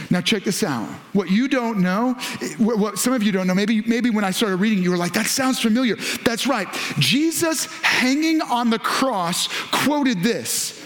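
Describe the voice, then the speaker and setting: A male pastor preaching a sermon to several campuses, animated, lifting his voice when he quotes scripture. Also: sits high, moderate pace, few pauses. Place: large church auditorium. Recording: echoey hall.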